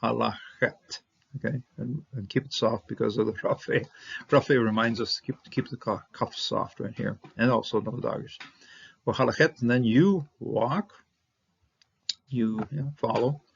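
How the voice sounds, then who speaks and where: Gravelly, husky man teaching biblical Hebrew. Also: medium pitch, steady tone. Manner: halting, thinks aloud with many fillers and chuckles. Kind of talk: casual verse-by-verse language lesson. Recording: dull lo-fi recording.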